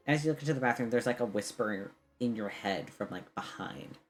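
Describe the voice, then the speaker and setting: A game master narrating a tabletop game in a hesitant way, with many pauses and ums. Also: mid-range voice, expressive, over music.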